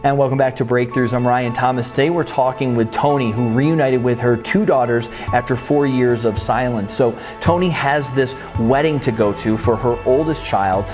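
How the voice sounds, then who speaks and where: Male podcast host, mid-range voice, measured interviewer delivery, music underneath. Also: mid-range voice. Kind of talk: interviewer, scripted intro and recap.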